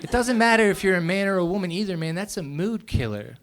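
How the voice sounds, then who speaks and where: A young man doing a stand-up set on a club stage, telling stories in a quick, conversational way. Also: sits high, big pitch swings, a bit bright. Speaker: stand-up comedian. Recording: live club recording with audience noise.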